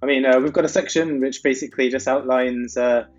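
A man hosting a podcast, chatting casually in a halting, self-mocking way. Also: medium pitch, steady tone, background noise. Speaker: podcast host. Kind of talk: casual chat. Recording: dull, husky audio with faint music.

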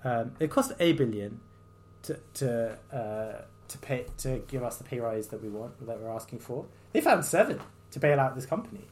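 A man's voice: mid-range voice, lively intonation, normal speed, a little mellow, slight background noise. A man hosting a solo podcast, a doctor, talking in a loose, rambling way with an exasperated, sardonic edge. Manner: exasperated, sardonic, mocking quoted voices; loose and rambling, with many fillers and restarts.

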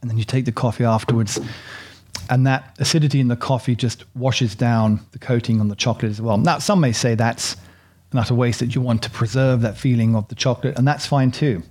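A man's voice: medium pitch, fairly even intonation, brisk, darkish tone. A man hosting a casual chocolate tasting, chatty and rambling, poking fun at himself. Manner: chatty, rambling and self-deprecating.

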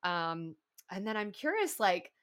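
A woman's voice: mid-range voice, big pitch swings, a little slow, fairly bright tone. Thoughtful woman podcast host. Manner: thoughtful, curious, many "like" and "you know" fillers. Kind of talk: casual podcast interview.

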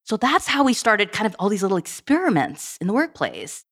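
A woman guest on a podcast, telling stories in a casual, animated way and acting out bits of dialogue. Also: mid-range voice. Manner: animated, quick, acts out dialogue. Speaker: podcast guest, tech program director. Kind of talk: casual storytelling.

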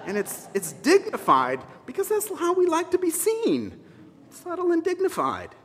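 A man's voice: very high-pitched, a bit bright. A man preaching a sermon as a minister, conversational and emphatic, with wry asides to his congregation. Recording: reverberant hall sound.

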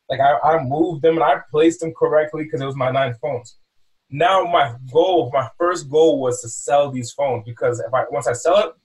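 A slightly high-voiced man, recorded from a distance in low quality, casually tells a story about selling phones at a mall kiosk. He's animated, repeats words and acts out his exchanges with customers.

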